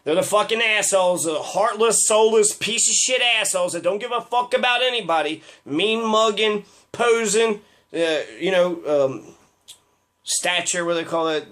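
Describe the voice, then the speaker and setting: A man's voice: high-pitched, normal speed, fairly bright tone. Profane, heated man on a rant. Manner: profane, heated, rambling with fillers. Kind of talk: impassioned political rant.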